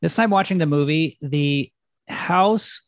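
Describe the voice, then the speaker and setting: A man's voice: a little high, slow, dry recording. A man co-hosting a podcast, retelling a film plot in a loose, rambling way with lots of filler words. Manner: rambling, full of "like" and restarts. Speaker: podcast co-host.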